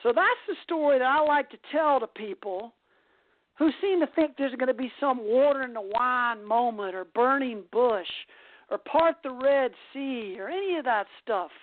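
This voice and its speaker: A woman's voice: sits high, animated, normal speed. A woman host telling a long story in a chatty, casual way. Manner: chatty, with restarts. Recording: tinny phone-like dry line.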